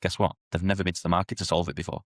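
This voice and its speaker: Fast-talking low-voiced man. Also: dry recording, clean studio sound. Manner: animated, acts out sales dialogues in quotes. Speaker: podcast guest, sales founder. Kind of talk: podcast interview.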